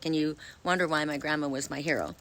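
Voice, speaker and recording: A woman's voice: deep voice, fairly bright tone. Bubbly, talkative woman card reader outdoors. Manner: talkative, bubbly, quick and effervescent. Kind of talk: casual chatty storytelling to camera. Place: outdoors, sitting in wet grass.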